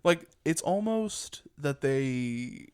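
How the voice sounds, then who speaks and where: A man's voice: fairly high pitch, expressive, very slow, clean tone. A young man co-hosting a casual podcast, talking in a rambling, chatty way and laughing often. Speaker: podcast co-host.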